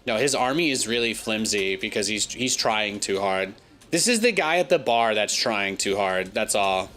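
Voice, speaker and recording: A man with an American accent giving excitable, joking commentary while he plays and streams a game. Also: fairly low pitch, normal speed, soft background music. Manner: excitable, joking, talks to himself and chat. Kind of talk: casual gameplay commentary.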